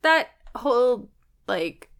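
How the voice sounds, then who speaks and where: A woman with a Canadian accent, co-hosting a casual podcast and talking about a film in a chatty, animated way with lots of "like.". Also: a little high, slow pace. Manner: chatty, heavy use of "like", animated. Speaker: podcast co-host.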